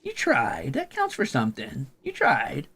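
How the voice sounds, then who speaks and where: A young male streamer talks casually, coaxing and teasing with offhand swearing. His voice is bright and gravelly, swinging widely in pitch, with faint music underneath. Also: huge pitch swings, a little slow. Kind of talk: casual live stream chat.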